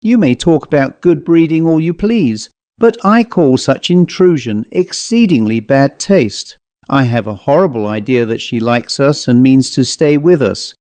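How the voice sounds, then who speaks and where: A man reading aloud and voicing an excitable, petulant young spinster woman in a high, fussy manner. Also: measured pace, no room sound, lightly acted. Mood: tearful. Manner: high, fussy, breathless delivery.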